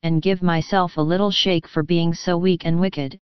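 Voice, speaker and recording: A woman voicing a calm, tender middle-aged mother in a storybook reading, slightly dull lo-fi audio. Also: lowish voice, normal speed, smooth, no room sound, natural voice. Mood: gentle.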